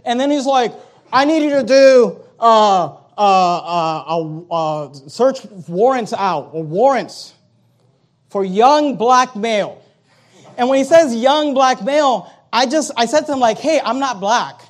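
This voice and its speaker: A man with a high, light voice preaches by way of a personal story. He slips in and out of quoted voices as he tells it, animated and conversational. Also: a little slow. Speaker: pastor. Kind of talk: sermon storytelling.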